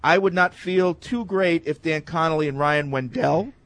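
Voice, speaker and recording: A man's voice: a little high, normal speed, fairly bright tone, no room sound. Hesitant male sports radio co-host. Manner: defensive, hesitant with fillers. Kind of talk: casual sports debate.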